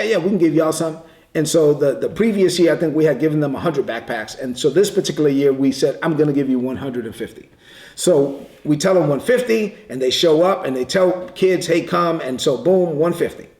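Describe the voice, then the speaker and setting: Preacher guy telling a story, kinda high voice, echoey church room. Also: darkish tone. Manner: conversational, repeats words, quick bursts. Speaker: pastor. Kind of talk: sermon storytelling.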